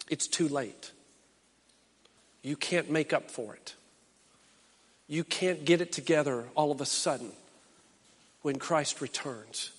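A middle-aged man preaching in a church sanctuary, with a fairly high voice. His delivery swings between loud, impassioned calls and low, quiet urging, and a long reverb trails every phrase. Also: husky. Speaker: pastor. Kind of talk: sermon.

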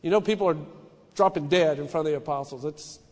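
High-voiced pastor preaching in a reverberant hall. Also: male voice, fast talker, a little mellow. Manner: earnest, personal, with frequent restarts and rising emphasis. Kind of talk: sermon.

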